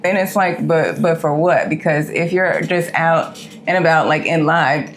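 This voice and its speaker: A woman's voice: low voice, steady tone, measured pace, a little hiss or hum. A woman co-hosting a casual chat show, talking bluntly and candidly in slangy speech. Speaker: co-host.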